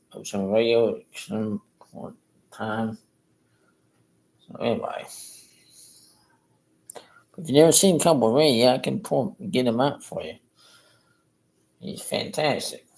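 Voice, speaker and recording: A man's voice: medium pitch, measured pace, long pauses, a little mellow, rough recording. A man chatting in a rambling, chuckling way while painting live on a stream. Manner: rambling, chuckling, self-interrupting. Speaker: painting instructor.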